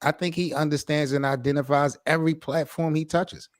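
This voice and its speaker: A man's voice: on the high side, fairly even intonation, a little fast, dry recording, clean studio sound. A man co-hosting a sports podcast, pushing back and challenging the others in casual debate. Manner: challenging, argumentative. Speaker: podcast co-host.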